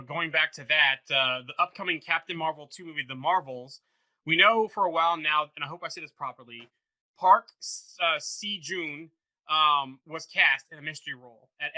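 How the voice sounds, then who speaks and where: A man's voice: a little high, pushed and bright. A man hosting a podcast, running through news in casual chat and steering the topics carefully. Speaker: podcast host.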